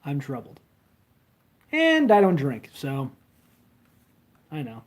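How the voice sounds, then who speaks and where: A man's voice: a little high, wildly swooping pitch, takes it slowly. A young man rambling casually on a phone livestream, crude and full of fillers while he reads comments. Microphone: handheld phone.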